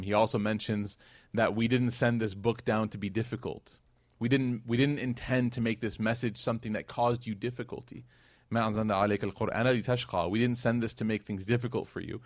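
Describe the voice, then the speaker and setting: A man's voice: fairly low pitch, dry recording. Man retelling a religious story, dry close sound. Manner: conversational, with many fillers and restarts; dramatic retelling that acts out the quoted speech. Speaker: religious teacher. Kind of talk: casual religious storytelling class.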